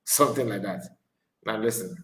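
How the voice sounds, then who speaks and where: A man giving casual, drawn-out commentary, pausing often between remarks. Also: lowish voice, a bit bright, reverberant. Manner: slow, drawn-out remarks with frequent pauses. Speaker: channel host reacting to a clip.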